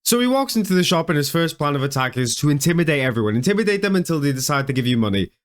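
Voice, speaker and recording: Speaking at a racing pace in a fairly high, sing-song voice, a young video commentator delivers comedic reactions. His talk is full of mockery, frequent laughter, stammers and restarts.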